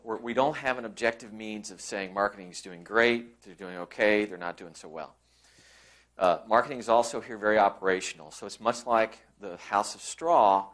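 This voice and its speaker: Low-voiced man giving a conference talk. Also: a bit bright. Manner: conversational, with repeated restarts; acts out quoted colleagues. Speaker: conference presenter.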